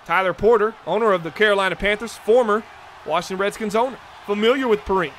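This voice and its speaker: A man hosting a live stream, calling video game plays with excitable commentary that breaks into hollers on big moments. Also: sits high, fast talker, slight background noise. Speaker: stream host and play-by-play commentator.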